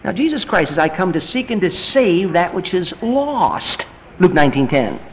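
Brief: male preacher, high and swooping delivery, emphatic, faint room hiss behind. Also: moderate pace, highs cut off. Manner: animated, rising to emphatic peaks, mimics voices for illustration. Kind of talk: sermon.

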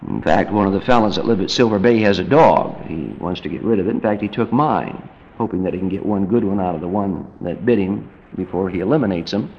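A man preaching a sermon in an animated way, acting out family scenes and swinging from loud bursts to quiet, low asides. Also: a little fast, vocal fry, muffled recording, a little hiss or hum. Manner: animated, acts out family scenes in quoted voices.

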